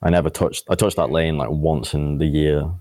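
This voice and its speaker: A man's voice: very deep voice, fairly even intonation, moderate pace, a little mellow, no echo, studio quality. A man co-hosting a casual podcast chat, blunt and swearing freely. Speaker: podcast co-host.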